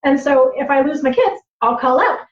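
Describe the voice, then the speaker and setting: A woman storyteller and teacher on a livestream, animated and laughing, acting out voices as she tells stories. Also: high voice, moderate pace. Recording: roomy, slightly dull livestream audio.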